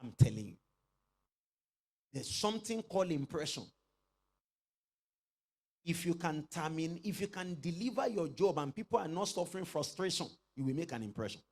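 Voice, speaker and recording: A middle-aged male pastor delivers a sermon in a fairly high, husky voice. His pitch swings widely as he calls on the congregation to repeat after him and rises to shouted exclamations. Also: big pitch swings, moderate pace, pauses often. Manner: preaching with call-and-response, rising to shouted exclamations.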